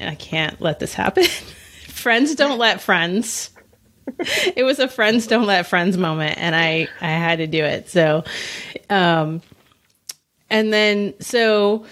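A woman's voice: lowish voice, fairly bright tone. A woman hosting a casual interview chat, guiding the talk with easy laughter. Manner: friendly, laughs easily, guides the conversation. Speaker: host and business coach.

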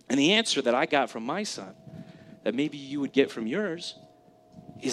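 A man's voice: on the high side, big pitch swings, normal speed, pauses often, fairly bright tone, slight background noise. Conversational man preaching a sermon. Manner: conversational, emphatic, asks the congregation questions. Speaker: pastor. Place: church sanctuary.

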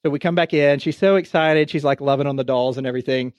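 A man's voice: mid-range voice, fast talker, no room sound, highs cut off. A man in his thirties, co-hosting a podcast, chatting casually and acting out voices as he tells stories. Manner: animated storyteller, acts out voices. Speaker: podcast co-host. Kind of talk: casual chat.

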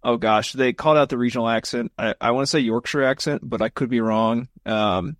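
A man's voice: medium pitch, brisk, a bit bright, no echo, studio quality. A man co-hosting a casual podcast chat, rambling with lots of fillers. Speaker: podcast co-host.

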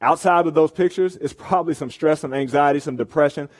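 A man's voice: fairly high pitch, a little fast. A young man giving a casual sermon to college students, conversational and often checking in with the room. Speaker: campus ministry speaker. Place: meeting room with an audience.

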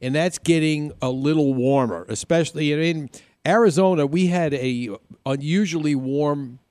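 A man's voice: a little high, normal speed, darkish tone, dry recording. New york guy hosting morning radio, jokey and loose, dry studio sound. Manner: upbeat, jokey, rambling with restarts. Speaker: radio show host. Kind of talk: casual radio chat.

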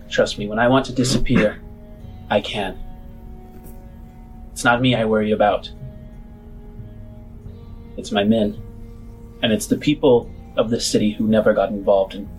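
A man's voice: fairly low pitch, close to an everyday voice, rough recording. A man voicing a cocky, guarded halfling woman who runs a criminal bar, speaking in a cool, commanding way during a tabletop game. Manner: cool, commanding, quietly self-assured.

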